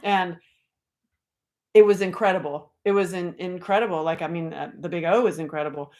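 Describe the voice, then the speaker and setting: A woman comedian telling a personal story in an animated way, jumping between loud exclamations and hushed asides, cursing and laughing often. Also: fairly low pitch, fairly quick.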